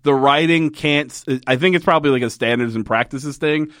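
A man's voice: a little high, fairly quick, fairly bright tone, dry recording. Profane man recapping a show, dry sound. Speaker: podcast co-host. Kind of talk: casual chat recapping a show.

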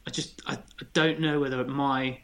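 A man's voice: medium pitch, little pitch movement, moderate pace, a bit bright. A man, a podcast guest chatting casually and telling candid, self-deprecating stories. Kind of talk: casual chat.

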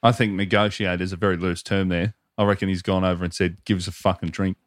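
A low-pitched Australian man co-hosting a podcast, quick to laugh and crack jokes in easy banter. The recording is dry and close, without any room echo. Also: flat delivery. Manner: laughs often, joking. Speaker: podcast co-host. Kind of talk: casual comedic chat.

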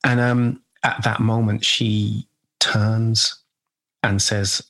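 Low, husky man, guest actor, halting and reflective, slips into quoted lines. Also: fairly even intonation, fairly bright tone. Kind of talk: conversational interview storytelling.

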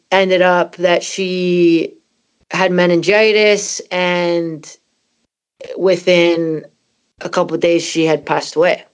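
A woman in her thirties, originally from Canada, candidly telling an emotional personal story as an interview guest, with many "you know" fillers. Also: on the low side. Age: 30s. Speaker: footballer guest.

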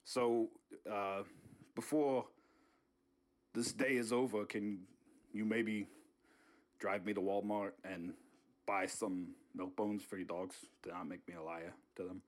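A man's voice: fairly low pitch, steady tone, slow, pauses often. A man voicing a grumbling older male politician who sneaks into a house, muttering and swearing under his breath. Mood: pleading. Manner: hushed muttering, cranky swearing. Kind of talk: comedy sketch impression.

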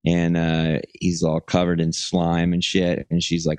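A man's voice: low voice, fairly quick, hardly any pauses, darkish tone, dry recording. A man from Texas co-hosting a podcast, telling a rambling, profane anecdote and acting out quotes in a casual chat. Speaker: podcast co-host.

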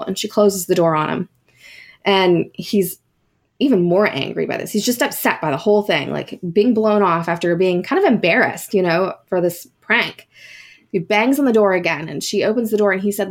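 A woman's voice: on the low side, moderate pace, vocal fry, breathy edge. Chatty woman telling a ghost story. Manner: chatty, lots of fillers and asides. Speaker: podcast host. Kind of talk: casual storytelling.

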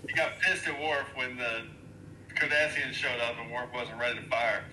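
A man's voice: medium pitch, fairly even intonation, normal speed, bright, forceful tone. A man chatting on a podcast, wry and incredulous. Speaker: podcast guest. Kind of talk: casual podcast chat. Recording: echoey room with faint noise.

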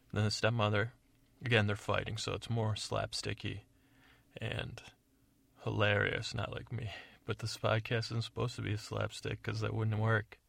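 A man rambles through a bedtime story in a low-key, digressive way, hosting a sleep podcast. His voice has a gravelly, creaky texture. The recording is dry and close. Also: monotone, normal speed, fairly bright tone, dry recording.

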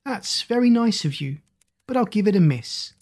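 A storybook narrator voicing a boastful ten-year-old boy in a raised, quick voice. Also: medium pitch, animated, a little mellow, slightly rough, voice pushed up. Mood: cocky.

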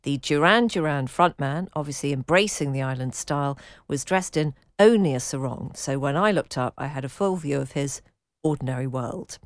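Low-voiced woman co-host, brisk banter. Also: no echo, clean studio sound. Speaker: radio show co-host. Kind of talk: casual chat, reading listener emails. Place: radio studio.

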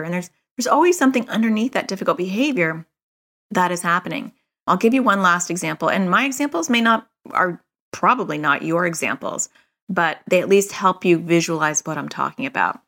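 A woman's voice: fairly low pitch, a bit bright. A middle-aged woman hosting a parenting podcast, talking in a casual, chatty way full of "like" and "you know".

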